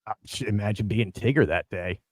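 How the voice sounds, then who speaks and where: A man hosting a casual fan podcast, telling animated stories and acting out quoted lines with big swings of pitch. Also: a little fast, no echo. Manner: excitable, acts out quotes with big jumps in pitch. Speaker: podcast host. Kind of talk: animated storytelling chat.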